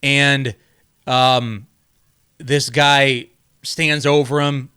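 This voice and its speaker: A man's voice: mid-range voice, flat delivery, very slow, pushed and bright, smooth. A man hosting a podcast, talking in a casual, motivational way. He rambles, repeats his words and keeps checking in with "right?". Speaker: podcast host.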